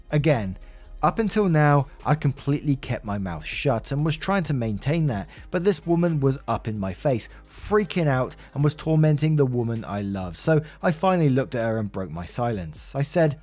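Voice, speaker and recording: A man reads a Reddit story aloud, casual and chatty, with asides along the way. His voice sits at an average pitch over faint background music. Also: sing-song, normal speed, a little mellow. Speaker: story narrator.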